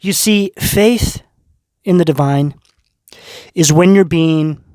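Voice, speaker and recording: A man's voice: fairly high pitch, takes it slowly, darkish tone, no room sound, clean studio sound. A man giving a tarot reading to his viewers, talking in an earnest, spiritual way and checking in often with "right?" and "okay?". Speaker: tarot reader.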